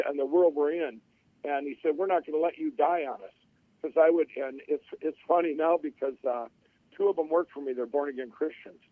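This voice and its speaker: With a fairly high-pitched voice, a middle-aged man shares his life story in an interview, rambling, restarting repeatedly and acting out others' words. The audio is tinny, like a phone line, with no room sound.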